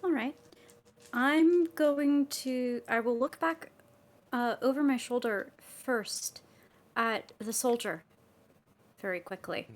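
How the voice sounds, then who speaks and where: A woman's voice: on the high side, slow pace, long pauses. Hesitant woman playing a tabletop game. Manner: hesitant, filler-heavy. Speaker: player.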